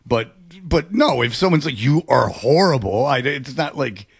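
A man's voice: medium pitch, moderate pace, creaky, husky. A man hosting a sports radio show, telling stories in casual on-air banter and jumping into other people's voices as he goes. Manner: animated storytelling, jumping into voices.

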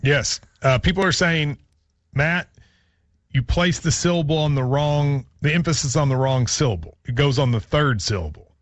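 A man's voice: fairly high pitch, normal speed, no room sound. A man hosting a sports radio show, chatting casually and animatedly with his co-hosts. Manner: animated, chatty, laughs often.

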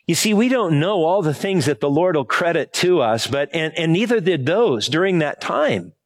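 A man's voice: on the high side, sing-song, moderate pace. A man from Hawaii giving an informal sermon, telling a personal story in a rambling, conversational way and asking the congregation to help him find words. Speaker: pastor.

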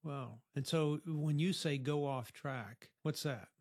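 A man's voice: on the high side, takes it slowly, a little mellow, no room sound, studio quality. A middle-aged man interviewing a teenager at a youth program, asking probing, reflective questions. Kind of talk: counseling-style interview.

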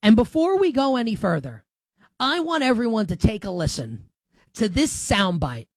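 A man's voice: sits high, sing-song, normal speed, no room sound. A man hosting a sports talk show, giving opinionated commentary in an emphatic, sarcastic way.

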